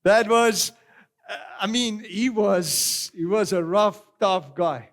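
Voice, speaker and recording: A middle-aged man preaching a sermon, animated and swinging between loud exclamations and quiet storytelling. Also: high voice, slow. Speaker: pastor.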